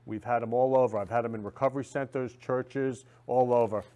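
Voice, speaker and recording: A man's voice: mid-range voice, fairly even intonation, brisk, mellow. A man hosting a talk show, talking effusively and repeating his phrases. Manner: effusive, repeats phrases, reads viewer comments aloud. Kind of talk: casual talk show monologue.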